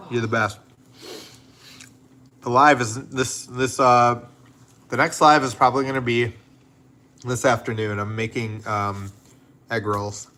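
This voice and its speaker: A man in his home kitchen running a casual cooking livestream, talking straight to his viewers. His voice sits at an ordinary middle pitch, and he keeps up a loose, chatty flow as he reads out their comments. A faint hiss runs underneath. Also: pushed and bright. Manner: chatty, talks to viewers and reads chat aloud. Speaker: livestream host.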